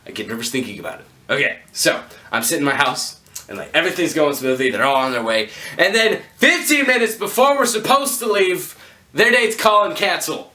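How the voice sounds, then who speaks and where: Bright-voiced man rambling in an echoey room. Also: a little high, lively intonation, brisk. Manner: rambling, self-mocking, joking asides. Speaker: vlogger telling a storytime. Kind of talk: casual storytelling to camera.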